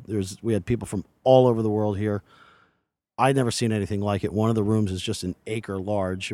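A man's voice: on the low side, darkish tone, no room sound. A man in his forties, a podcast guest recorded outdoors by a lake, talking in an earnest, rambling way with many restarts. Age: 40s. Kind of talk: casual interview chat.

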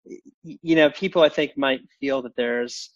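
A man's voice: medium pitch, no room sound, dull audio. A man speaking as a podcast guest in casual chat, stumbling over restarts and fillers. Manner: halting, many restarts and fillers.

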